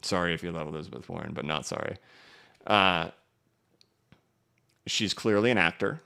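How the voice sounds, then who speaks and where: Deep gravelly chatty streamer man. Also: fairly bright tone. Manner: chatty and joking, many fillers, reacts to viewer comments. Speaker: crypto livestream host. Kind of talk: casual live-stream chart commentary, reading chat.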